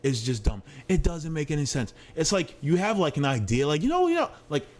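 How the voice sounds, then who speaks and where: A man's voice: a little high, big pitch swings, fairly quick, darkish tone. A man commenting casually on a live stream, slangy, blunt, and repeatedly apologizing while he talks. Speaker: streamer reacting to a clip.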